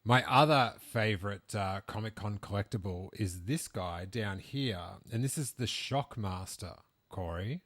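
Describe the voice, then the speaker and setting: A man's voice: fairly low pitch, measured pace, hardly any pauses, a bit bright. A man hosting a podcast, chatting casually and rambling with many restarts. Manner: rambling, with frequent restarts and fillers. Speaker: podcast host. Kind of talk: casual chat about collectibles.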